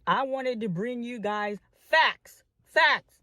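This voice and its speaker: A woman's voice: a little high, animated, pushed and bright, dry recording. Woman repeating herself, filler-heavy, dry sound. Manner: repeats phrases, many drawn-out "um" fillers; addresses the audience as family. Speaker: online commentator and filmmaker. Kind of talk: impassioned address to online followers.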